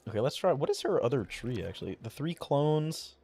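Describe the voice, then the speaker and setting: Very animated and fairly quick, this man's medium-pitched voice is husky with a darkish tone. He mumbles casual, rambling commentary while streaming a video game, swearing often, using lots of fillers, and cracking his voice now and then.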